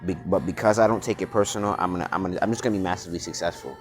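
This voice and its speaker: Deep-voiced man ranting with music behind. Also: rapid-fire. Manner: blunt, profane slang, frequent restarts and repeated words. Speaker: vlogger. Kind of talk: casual unscripted monologue.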